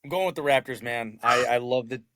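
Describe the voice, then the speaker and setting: A man's voice: medium pitch, fairly quick, bright, forceful tone, no room sound, studio quality. A man co-hosting a casual sports podcast, upbeat as he talks through his picks. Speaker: podcast co-host.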